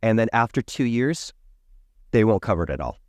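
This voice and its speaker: A man who works as a dental hygienist, a podcast guest telling an animated story and acting out the people in it. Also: lowish voice, brisk, no echo, clean studio sound. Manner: emphatic, acts out the people in his stories.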